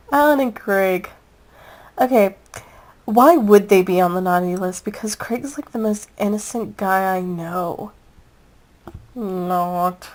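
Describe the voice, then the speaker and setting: A woman's voice: mid-range voice, takes it slowly, low-quality recording. A young woman chatting casually as she reviews a video, taking her time over each thought. She rambles and gushes, breaking into giggles between comments. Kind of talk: casual chat.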